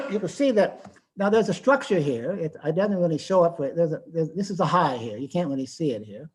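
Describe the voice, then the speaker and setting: Older man giving a halting technical lecture. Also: a little high, expressive, a little mellow, slight background noise, low-quality recording. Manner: thinking aloud with frequent restarts and fillers. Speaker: presenter.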